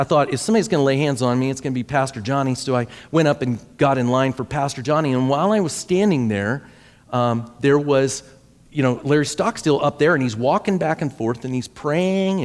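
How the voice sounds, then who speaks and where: A man's voice: medium pitch, darkish tone, big-room sound. A pastor in his forties tells a story in a conversational sermon style and often repeats words as he goes. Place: church sanctuary.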